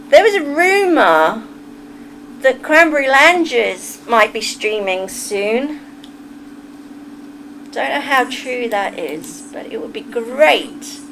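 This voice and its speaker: A woman's voice: a little high, creaky, fairly bright tone, a little hiss or hum, poor audio. A middle-aged woman with a Kentish English accent, chatting casually and with firm opinions to her livestream viewers. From England. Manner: chatty, opinionated, talks straight to chat.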